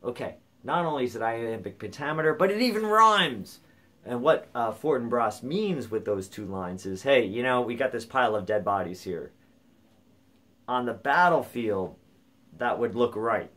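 A man's voice: medium pitch, animated, fairly bright tone. Thoughtful man explaining a play. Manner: thoughtful, reads verse lines aloud slowly. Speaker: literature lecturer. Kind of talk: explanatory video essay.

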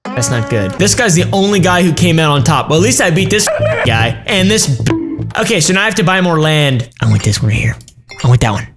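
A man's voice: fairly high pitch, big pitch swings, fairly quick. A young man giving casual, crude, joking commentary while playing a game, swearing often. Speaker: gaming YouTuber. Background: game music.

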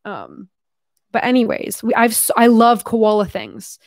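A woman's voice: fairly high pitch, big pitch swings, measured pace, dry recording, clean studio sound. A young Canadian woman in her twenties vlogging casually, chatty and giggly as she reads fan mail aloud. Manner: chatty, giggly, swears casually, drifts into a mock Australian accent when reading. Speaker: YouTuber. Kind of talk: casual vlog, reading fan letters aloud.

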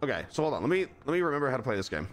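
A man giving live commentary as he plays a video game, excitable, jumping from low muttering to sudden yelps and repeating phrases over and over. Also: racing. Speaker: streamer.

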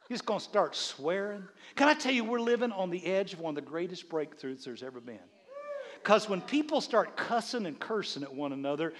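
A man preaching a sermon as a bishop, animated, with frequent stammered restarts and quiet asides. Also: high voice. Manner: drops into quiet asides and quoted voices. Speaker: bishop and pastor.

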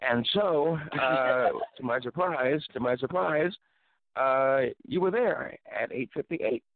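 A middle-aged man hosting a talk show, telling a story in an animated, preacherly way and exclaiming often. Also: mid-range voice, slow pace, dry recording. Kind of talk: casual storytelling. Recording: dry tinny phone-like sound.

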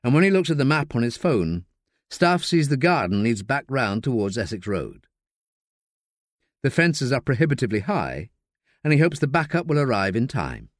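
A man narrating a crime novel in expressive storyteller fashion, his pitch swinging widely. He is recorded dry and close on a studio mic. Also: moderate pace, no room sound. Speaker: audiobook narrator. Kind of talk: scripted narration.

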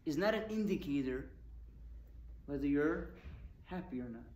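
A male rabbi gives a Torah talk, firing emphatic rhetorical questions at his audience. His voice is fairly high, expressive and darkish, at a moderate pace. The room is echoey with faint ambience and slight background noise.

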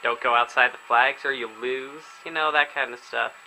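A young man casually commenting on a video game as he plays, chatty and excitable. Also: medium pitch, moderate pace, gravelly, a little hiss or hum, poor audio. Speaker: gaming video host. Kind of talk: casual let's play commentary. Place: indoors at home, filming himself.

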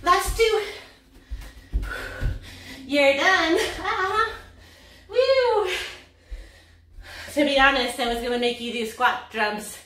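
A woman fitness instructor calls out a workout class, out of breath. Her voice sits high, and she talks at an unhurried pace between cheers and counts. The sound is roomy and echoey, as if the mic sits some way off. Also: expressive, a bit bright, recorded from a distance. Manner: upbeat, counting reps and cheering with whoops and laughs.

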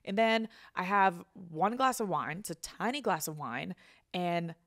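A woman's voice: fairly low pitch, lively intonation, measured pace. A woman hosting a podcast, telling a rambling story in casual chat, swearing freely and saying "dude" often. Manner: rambling with restarts. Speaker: podcast host.

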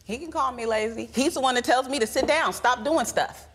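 A woman's voice: high voice, a little fast, background noise. A woman in her forties, a litigant on a court show, talking at length and acting out what was said. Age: 40s. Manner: talkative storyteller, acts out dialogue.

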